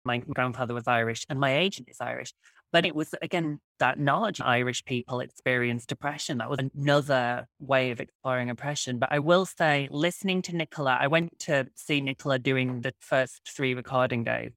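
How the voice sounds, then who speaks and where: Animated woman author, dry close sound. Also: very deep voice, no room sound. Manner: animated, quick storytelling. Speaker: author guest. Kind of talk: enthusiastic interview chat.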